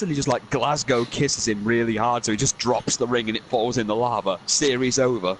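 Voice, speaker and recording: A British gaming streamer in casual, rambling chat with crude jokes. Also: male voice, medium pitch, brisk, hardly any pauses, a little hiss or hum, low-quality recording.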